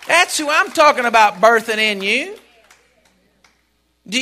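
An older man preaching a sermon, joking and swinging from soft asides to shouts. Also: very high-pitched, animated, a little slow, pauses often. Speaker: pastor.

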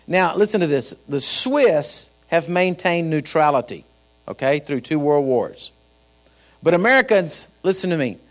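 High, lively Texan preacher man. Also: a little slow. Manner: preachy, folksy storytelling with rising emphatic outbursts. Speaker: pastor. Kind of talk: sermon.

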